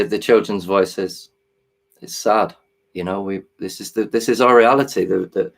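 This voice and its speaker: A man hosting a live stream, talking earnestly and hesitantly while working his software, with frequent restarts. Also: on the low side. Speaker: livestream host.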